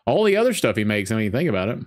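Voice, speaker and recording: A man's voice: lowish voice, sing-song, very fast. A young adult man co-hosting a casual movie-commentary podcast, rambling and jokey, laughing often. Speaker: podcast co-host.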